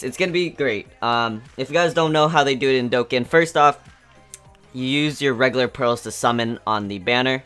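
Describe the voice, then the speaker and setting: A mid-pitched man with a smooth, clean voice hosts a gaming channel, buzzing with excitement as he rambles through news. He fills gaps with lots of ums and uhs while faint music plays behind him. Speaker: gaming YouTuber. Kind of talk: excited game news commentary. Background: faint background music.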